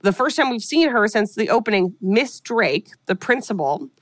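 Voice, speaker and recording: A woman's voice: mid-range voice, no room sound, studio quality. Chatty woman animatedly recapping a film. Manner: animated retelling, voicing characters in quick asides. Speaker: podcast co-host recapping a film. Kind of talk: casual chat.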